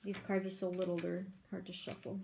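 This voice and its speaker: A woman giving a pick-a-card tarot reading in a gentle, soft-spoken, effusive manner. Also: lowish voice, monotone, fairly quick, gravelly, noisy background. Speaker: tarot reader.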